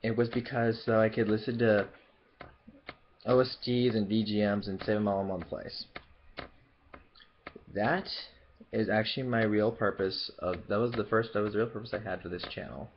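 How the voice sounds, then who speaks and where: A man's voice: on the low side, steady tone, normal speed, long pauses, dull audio, a little hiss or hum. A young man from the southern US with no regional accent, chatting through a casual Q&A vlog in a rambling way, with lots of fillers and restarts. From Memphis, Southern US. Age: young adult. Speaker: YouTuber.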